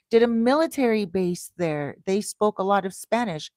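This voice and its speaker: A woman from Canada in her thirties hosting a casual livestream, telling stories slowly and greeting viewers with bursts of excitement. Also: medium pitch, no room sound. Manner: slow, deliberate storytelling that turns to bright, excited greetings to viewers. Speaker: livestream host.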